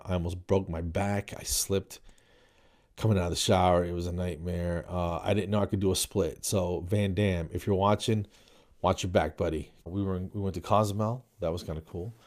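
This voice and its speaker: A man hosting his own comedy podcast, telling rambling, animated stories in a casual way. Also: deep voice. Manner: animated, rambling, jumps into playful voices for quoted people.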